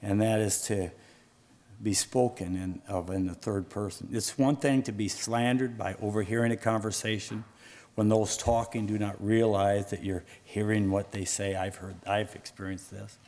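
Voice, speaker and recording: A man preaching a sermon as pastor, reading scripture with rising fervor and dropping low and soft on solemn points. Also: fairly even intonation, normal speed. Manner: rises in pitch and volume when reading scripture aloud.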